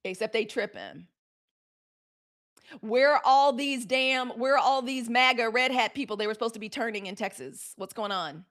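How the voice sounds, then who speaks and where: A woman's voice: on the high side, normal speed, a bit bright. A woman hosting a live news show, talking casually and bluntly to her chat viewers, with frequent profanity. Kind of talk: casual live-stream commentary.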